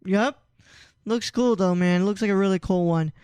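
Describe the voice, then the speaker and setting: A man's voice: sits high, normal speed, darkish tone, clean tone, no echo. A man hosting a podcast in casual chat, loose and swearing easily, with lots of fillers, on a close mic. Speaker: podcast host.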